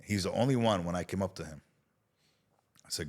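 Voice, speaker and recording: Guest, middle-aged man from Israel, deep voice, animated, swears freely, acts out the voices in his story. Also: fairly quick. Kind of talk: casual storytelling interview.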